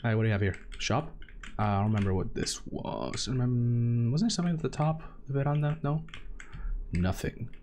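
A man streaming a video game, reacting excitably, repeating phrases and swearing. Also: medium pitch, a little fast, slight background noise. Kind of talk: live gameplay commentary.

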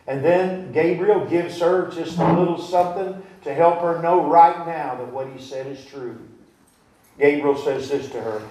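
Male preacher with a higher-pitched voice, heard from far off in a reverberant church, quizzing his flock. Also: measured pace, a little mellow. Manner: questions the congregation directly; retells scripture in plain, folksy words. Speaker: pastor. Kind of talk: sermon. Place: church sanctuary. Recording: echoey church recording from afar.

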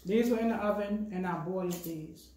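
A middle-aged woman, hosting a casual family vlog, chatting in a relaxed way while eating. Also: mid-range voice, brisk. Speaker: vlog host. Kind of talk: casual family mealtime chat. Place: home dining table with family. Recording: echoey room with background noise.

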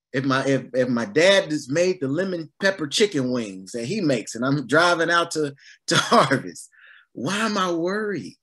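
A man preaching a sermon in a relaxed, conversational way, mixing everyday stories with gentle humor. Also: on the high side, moderate pace, slightly rough. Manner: animated and conversational, acting out lively quoted voices.

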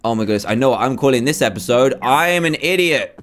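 A man in his twenties giving animated, self-mocking commentary on his Minecraft survival game, talking to himself as he plays. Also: medium pitch, fast talker, slight background noise. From England. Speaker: gaming YouTuber. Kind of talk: Minecraft let's play commentary.

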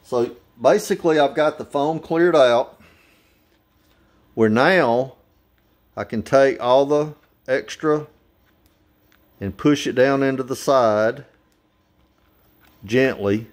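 A man's voice: medium pitch, slow pace, long pauses. An older man giving a casual, folksy how-to demonstration at home, plain-spoken and walking through each step. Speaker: hobbyist demonstrating a model plane.

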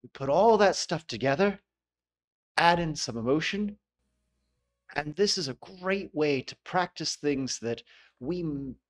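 An American man teaching English pronunciation in a casual video lesson, repeating sounds to model them. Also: on the high side.

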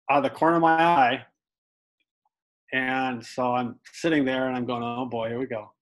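A middle-aged man casually swaps baseball stories in an interview, animatedly acting out the quotes he relays, swearing included. His voice is medium in pitch, and the audio is poor.

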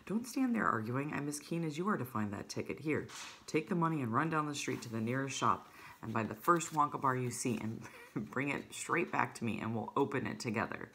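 A woman reading aloud, voicing an excited, scheming old grandfather in a conspiratorial whisper. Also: extremely low pitch, brisk, a little hiss or hum, full character voice. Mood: eager whispering.

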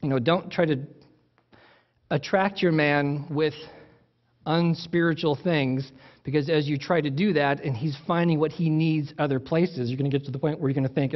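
A man delivers a sermon in a relaxed, conversational teaching manner. His voice sits a little high for a man, and he often circles back to restart a phrase. The recording sounds dull and muffled. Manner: conversational preaching with restarts and asides. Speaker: pastor.

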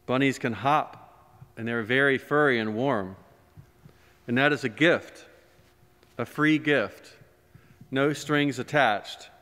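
A man voicing a wise, kind silver wolf who speaks calmly and softly, in a long church reverb. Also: mid-range voice, normal speed, hardly any pauses, clear, resonant tone, lightly acted. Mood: gentle. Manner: calm, soft and reassuring.

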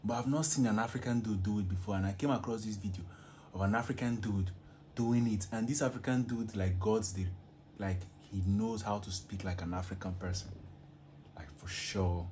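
A man with a fairly low voice opens his reaction video in a loose, slangy, conversational way. A faint hiss of noise runs under him. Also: brisk. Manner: relaxed, chatty, slangy. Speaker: reaction YouTuber. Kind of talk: casual video intro.

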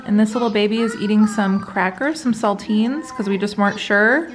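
A woman's voice: medium pitch, normal speed, low-quality recording. A woman in her thirties chatting casually to camera at home as a vlog host, rambling with lots of filler words. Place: family home at dinner time.

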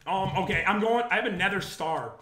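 Hoarse male gaming host, sick voice, joking banter, echoey room. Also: high voice, a little fast, pushed and bright. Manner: joking, laughing often. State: hoarse from a cold. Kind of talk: casual gameplay commentary.

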